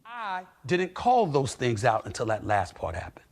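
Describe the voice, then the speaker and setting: A man giving sports commentary on TV with forceful, repetitive, preacherly emphasis. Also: mid-range voice, huge pitch swings, normal speed.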